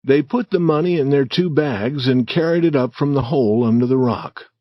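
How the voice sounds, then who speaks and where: A man narrating an audiobook story for English learners in a slow, clear, deliberate reading. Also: mid-range voice, no echo, highs cut off.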